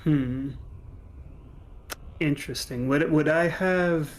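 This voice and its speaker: A man playing a tabletop game, chatting in a thoughtful, deliberate way. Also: on the high side, a little hiss or hum. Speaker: player.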